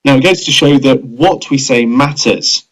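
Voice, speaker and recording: Measured man narrating a training video. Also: mid-range voice, fairly bright tone, poor audio. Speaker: leadership trainer.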